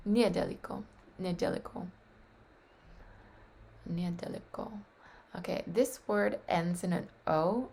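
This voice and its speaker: A woman on a webcam practicing vocabulary aloud, tentative and thinking out loud as she sounds out words. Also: on the low side, gravelly, slight background noise. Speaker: language learner practicing vocabulary. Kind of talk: casual solo practice on webcam. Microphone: webcam microphone.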